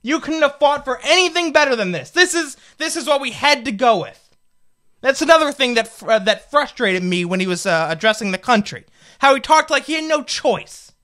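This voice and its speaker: Bright-voiced young man ranting. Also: very high-pitched, expressive, a little fast. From United States. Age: 20s. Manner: fired-up, indignant, rhetorical questions. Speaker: political commentator. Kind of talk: opinion rant to camera.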